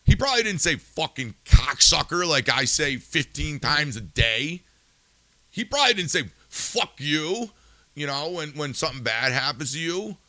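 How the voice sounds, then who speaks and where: Bright, dry-voiced man ranting angrily. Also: fairly high pitch, animated, normal speed, dry recording. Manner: angry, swearing, rhetorical questions; subdued and somber. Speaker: podcast host. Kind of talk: profane ranting monologue.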